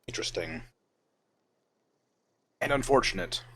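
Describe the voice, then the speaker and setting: A man's voice: fairly low pitch, lively intonation, unhurried, a bit bright, husky. A man streaming a video game, chatting casually and reacting to viewers' comments.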